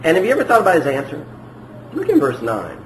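A man's voice: a little high, wildly swooping pitch, fast. A man preaching a verse-by-verse sermon in a conversational way, often asking the congregation questions. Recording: echoey room with faint noise.

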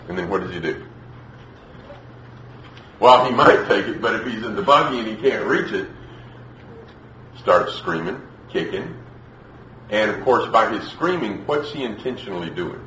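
A man preaching a sermon on raising children, lively and playful, acting out parents and children in raised voices. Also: medium pitch, normal speed, pauses often, slight background noise. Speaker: preacher teaching on child discipline. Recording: echoey room with faint ambience.

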